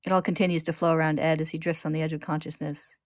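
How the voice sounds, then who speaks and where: A woman hosting, narrating a story recap in a steady, descriptive way. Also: low voice, fast, no echo, studio quality.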